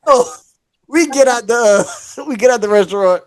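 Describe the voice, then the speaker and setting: This male podcast host, whose voice is very high-pitched and moderately paced, spins a lengthy tale in easygoing chat. He brings the characters to life by acting them out with lots of animation.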